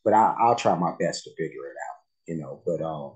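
A man with a very low voice talks casually as a music reaction host. His delivery is soft-spoken and halting, as if he is thinking out loud between plays of the track. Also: lively intonation, muffled recording.

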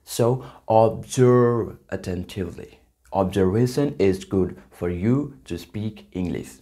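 A man from India with an Indian accent, giving a casual spoken-English tutorial in an earnest, halting way with frequent restarts. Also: fairly low pitch, warm tone.

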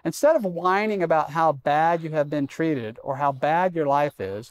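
A man's voice: a little high, moderate pace, few pauses, clear, resonant tone. A middle-aged man preaching a sermon in a church, conversational and self-deprecating with humor. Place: church sanctuary.

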